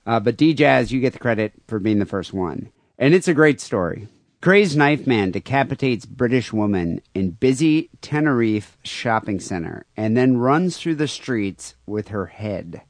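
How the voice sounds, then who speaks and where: A male podcast host with a middle-pitched voice, talking loosely and crudely and stopping often on "uh." The sound is dry and close to the mic. It is casual chat between friends. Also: lively intonation, a little slow, no room sound. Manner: rambling, many fillers, crude humor. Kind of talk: casual podcast chat, reading listener mail.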